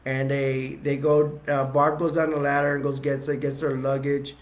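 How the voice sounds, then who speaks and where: Here a man with a mid-range voice and flat delivery recaps movie scenes as a reviewer. He speaks casually, halting and rambling, with many restarts and chuckles along the way.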